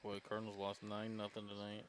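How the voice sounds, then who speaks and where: A man calling a local baseball game play by play, relaxed and chatty with his booth partners. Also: fairly low pitch, brisk, a little hiss or hum. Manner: relaxed, chatty, prone to laughing. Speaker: play-by-play announcer. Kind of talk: casual local sports broadcast.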